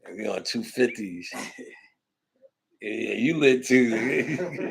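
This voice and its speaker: A man's voice: medium pitch, animated, slow, gravelly, a crowd in the background, low-quality recording. A man hosting a loose, profane livestream, rambling and laughing with heavy slang. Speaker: livestream host.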